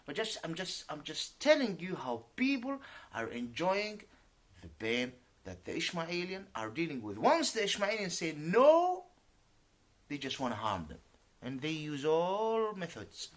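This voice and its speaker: A man whose first language is Arabic, ranting emphatically in an unscripted video and repeatedly swearing that he is telling the truth, switching between English and Arabic. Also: fairly high pitch. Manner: emphatic, indignant, swears to his honesty. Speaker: YouTuber. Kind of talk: unscripted vlog rant.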